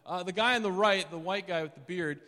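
A man's voice: high-pitched, fairly quick, sharp tone, long reverb tail. A man preaching a sermon in a conversational way, acting out the scripture quotes as he reads them. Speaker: pastor.

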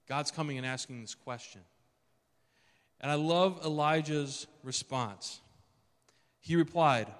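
A man's voice: medium pitch, measured pace, long pauses, fairly bright tone, in a large hall. A man preaching a sermon in a conversational way, acting out the scripture quotes as he reads them. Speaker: pastor.

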